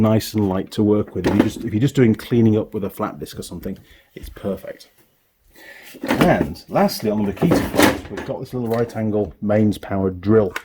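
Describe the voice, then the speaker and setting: A middle-aged British man with a fairly low voice, recorded over background noise. He's a mechanic and workshop YouTuber giving a casual tour of the tools in his home workshop, rambling and correcting himself as he goes.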